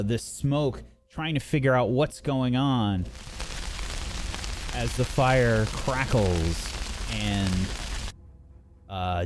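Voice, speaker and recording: A man narrating and running a tabletop game as game master, unhurried and full of fillers. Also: medium pitch, slight background noise.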